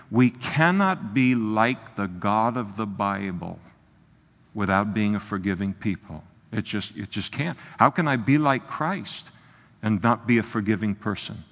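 A man preaching an expository sermon, emphatic and exclamatory, pausing on fillers and restarts. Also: lowish voice, animated, a bit bright. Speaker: pastor. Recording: long hall reverb.

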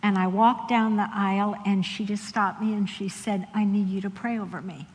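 A woman telling stories in a sermon, animated and laughing often as she acts out the people in them. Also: mid-range voice, normal speed. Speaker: Christian speaker. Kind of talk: sermon storytelling. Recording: long hall reverb.

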